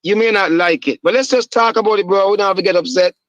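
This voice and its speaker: Jamaican male host, high and rapid, moderating, peacemaker. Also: dry recording, highs cut off. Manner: calming, keeps cutting in to moderate. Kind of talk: casual panel debate.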